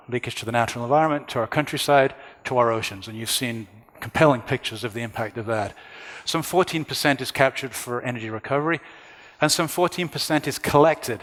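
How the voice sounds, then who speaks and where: A man giving a conference presentation, walking an audience through slides one point at a time in a measured way. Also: medium pitch, a bit bright, in a large hall. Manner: measured, explains slides step by step. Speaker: conference speaker. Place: conference hall.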